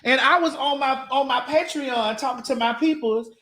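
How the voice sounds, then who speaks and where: A woman from Miami-Dade hosting a morning talk show, telling a story in a blunt, profane, animated way. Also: high voice, moderate pace. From Miami-Dade, Florida.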